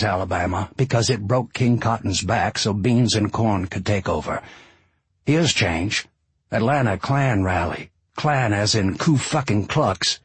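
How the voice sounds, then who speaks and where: A man with a husky voice playing a bitter, foul-mouthed ex-bus driver, ranting and sarcastic. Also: lowish voice, dry recording. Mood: scornful. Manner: angry, sarcastic, swearing.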